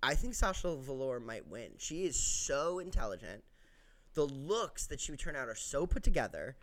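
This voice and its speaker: A speaker in casual chat, joking and lively. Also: medium pitch, normal speed. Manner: animated, joking.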